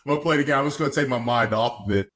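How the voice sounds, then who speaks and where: A young man, a guest on a podcast, telling a story in a relaxed, chatty way, often laughing and acting out what people said. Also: mid-range voice, very fast, crowd noise. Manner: laid-back, laughs often, acts out quotes. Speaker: podcast guest, football player. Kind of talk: casual storytelling.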